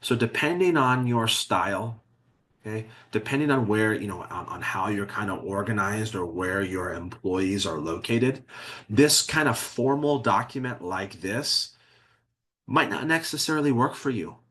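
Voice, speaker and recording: A man's voice: fairly low pitch, measured pace, a bit bright. A man presenting a workplace webinar as an HR consultant, talking conversationally and often checking in with "okay?". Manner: conversational, keeps asking "okay?"; frequent restarts and fillers.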